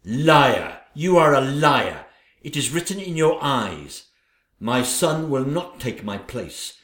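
A man's voice: medium pitch, very animated, roomy sound. A man voicing a vain, scheming wicked stepmother queen in a theatrical audio play. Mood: gloating, haughty. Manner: theatrical, gloating, drawn-out delivery.

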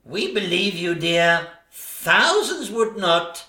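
A catty, boastful ugly stepsister, as a man plays her in a stage pantomime, her voice swooping wildly from shrieks to low mutters. She drawls her jibes slowly and camply. The sound rings around an echoey stage. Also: sing-song, pushed and bright, full character voice. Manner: camp, shrieking, teasing sing-song delivery.

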